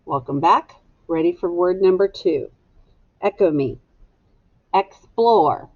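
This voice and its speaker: A woman's voice: on the low side, expressive, no room sound, narrow, tinny audio. A woman teacher dictating a spelling test to young students, sounding out each word syllable by syllable. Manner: slow, deliberate, sounds words out syllable by syllable.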